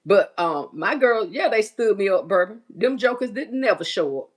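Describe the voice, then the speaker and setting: A woman's voice: medium pitch, animated, moderate pace. A middle-aged woman hosting a casual livestream, reading out viewer comments and chatting as she cleans and builds baskets. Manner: chatty, reads viewer comments aloud, folksy Southern US speech. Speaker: livestream host.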